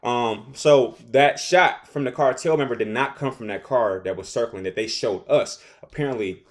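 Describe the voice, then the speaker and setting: A young man casually recapping a TV episode, rambling and animated, often acting out characters' lines. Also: mid-range voice, moderate pace. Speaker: show recap host.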